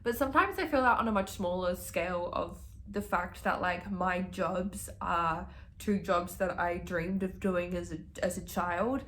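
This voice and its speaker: A woman's voice: fairly low pitch, unhurried, a bit bright, slight background noise. A young woman in her early twenties chatting casually in a reading vlog, gushing and swearing freely. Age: young adult. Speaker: book vlogger.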